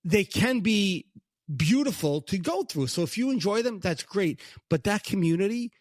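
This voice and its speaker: A middle-aged man with a Brooklyn accent tells a personal story on a casual faith podcast, talking in a rather high voice. He acts out the lines of others as he goes. The recording is dry and close, with no room sound. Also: normal speed, dry recording. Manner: animated storyteller, acts out God's lines in a higher voice. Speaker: podcast co-host.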